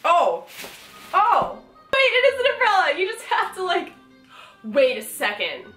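Excitable woman vlogger opening mail at home, high bright voice, echoey room. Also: measured pace, soft background music. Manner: gushing, excitable, swears casually. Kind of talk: casual chat. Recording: roomy echo.

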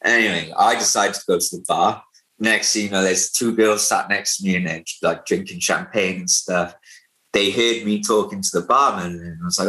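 Bright-voiced Welsh man telling anecdotes. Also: low voice, steady tone, moderate pace, echoey room, poor audio. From England. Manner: laughs often, drawling anecdotes with uh fillers. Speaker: travel vlogger looking back. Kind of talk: casual storytelling chat.

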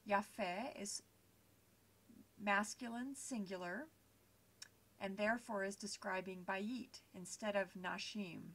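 A woman teacher talks through a recorded grammar lesson over slides at a mid-range pitch, patient and methodical. She pauses on fillers as she explains each point step by step. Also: a bit bright.

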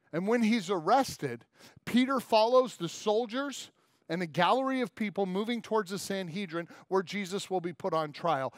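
Preacher, male, slightly high, chatty storyteller, close and dry. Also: no room sound. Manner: conversational storytelling, acts out voices. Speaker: pastor. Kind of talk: sermon. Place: church main hall.

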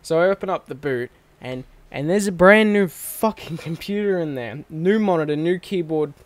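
A man's voice: on the high side, animated, normal speed, no room sound. A young man, talking casually to his channel from his bedroom desk setup. He rambles, swears freely and corrects himself as he goes. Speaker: channel host. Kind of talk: casual vlog monologue. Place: bedroom recording setup at home. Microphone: microphone on a stand at his desk.

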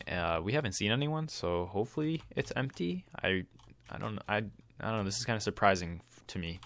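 A young man giving casual let's-play commentary, excitable and jokey, trash-talking other players and yelping when he gets hit. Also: low voice, a little hiss or hum. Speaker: gameplay commentator. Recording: faint keyboard clicks behind.

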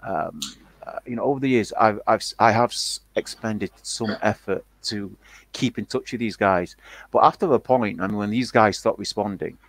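Low-voiced man chatting haltingly. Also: rough recording. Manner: halting, many fillers and restarts. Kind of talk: casual chat.

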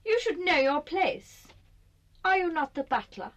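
A woman's voice: sits high, very animated, highs cut off. A woman voicing Marchpane, a haughty vain doll. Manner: imperious, drawn-out and disdainful. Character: haughty vain female doll, snobbish and cold. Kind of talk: animated series voice acting.

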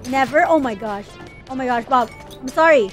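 A woman's voice: high-pitched, moderate pace, faint music behind. A young woman giving frantic, exclaiming gameplay commentary, panicking and giggling as she plays. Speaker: let's play gamer.

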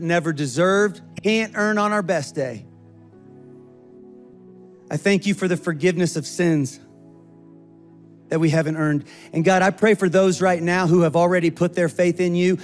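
Animated high-voiced man preaching. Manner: animated, acts out quoted voices. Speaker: pastor. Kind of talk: sermon.

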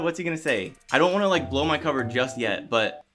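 A man giving excited, animated commentary while playing a video game, often exclaiming and reading chat aloud. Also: a little high, normal speed. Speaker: gaming YouTuber. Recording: music playing under the voice.

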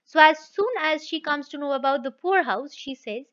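A woman's voice: high voice, lively intonation, moderate pace, hardly any pauses, fairly bright tone. A woman teacher reads a story aloud and stops often to restate each passage in simple words. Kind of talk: reading and explaining a story. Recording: dull lo-fi recording.

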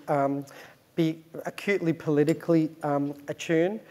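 A middle-aged Australian man telling cheeky, self-deprecating stories to an event audience, laughing at himself and pausing often on "um". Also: on the high side, steady tone, a little mellow. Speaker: gallery director speaking at an arts event. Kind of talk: anecdotal storytelling to an audience. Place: event space with a live audience.

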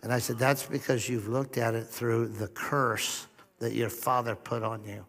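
A man's voice: mid-range voice, flat delivery, unhurried. Man, pastor, sermon, middle-aged, storytelling, long reverb from a church hall. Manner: storytelling with humor and soft-spoken quoted dialogue.

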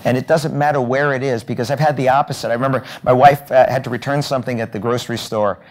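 A man's voice: mid-range voice, fast talker. A man giving a storytelling keynote talk at a hotel event, acting out the lines of each person in his anecdotes. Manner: animated, acts out dialogue in anecdotes. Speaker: keynote speaker.

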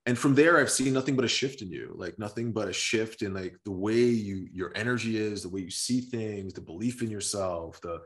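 A man's voice: lowish voice, brisk, hardly any pauses. A man who guided a retreat, talking casually and reflectively, with many fillers. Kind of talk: casual conversation.

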